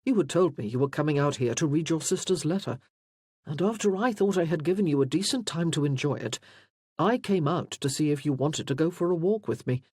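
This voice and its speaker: A man voicing a loyal, protective gentleman friend in an audiobook, speaking warmly and earnestly. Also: a little high, expressive, brisk, slightly rough, dry recording, clean studio sound. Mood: concerned. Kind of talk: audiobook character voice.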